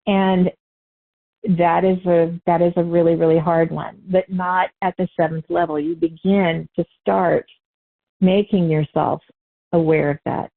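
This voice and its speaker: A woman giving an unscripted spiritual teaching talk, loose and conversational, correcting herself as she goes with light laughs. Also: on the low side. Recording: tinny phone-like line.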